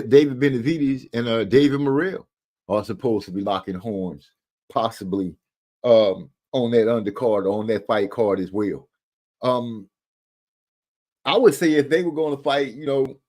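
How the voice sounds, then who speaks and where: A man's voice: mid-range voice, a little mellow. A man hosting a casual boxing live stream from a room at home, talking in a rambling way with lots of fillers and restarts.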